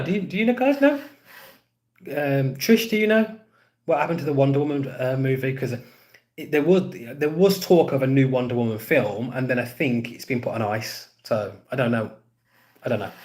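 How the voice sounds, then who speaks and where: Rambling man chatting on a live stream. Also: mid-range voice. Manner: rambling, repeats himself, talks to chat. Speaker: podcast host. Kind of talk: casual live-stream chat reading comments.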